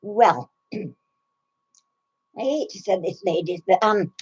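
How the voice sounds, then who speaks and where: A woman's voice: mid-range voice, lively intonation, takes it slowly, a little mellow, slightly rough, lo-fi sound. A woman in her sixties, out of breath, chatting casually and giggling with live stream viewers, greeting them by name. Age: 60s. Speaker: craft channel host.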